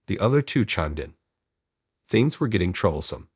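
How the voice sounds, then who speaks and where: A man reading a first-person story aloud in an even, measured way. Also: sits low, slightly rough, dry recording, clean studio sound.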